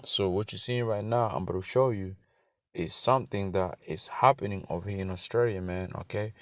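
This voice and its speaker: A man's voice: deep voice, moderate pace, dry recording, clean studio sound. A man teaching casually, reading scripture and a news article aloud, stumbling and repeating words, with some swearing. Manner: stumbling, repetitive reading with profanity. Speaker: religious teacher. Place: in Australia.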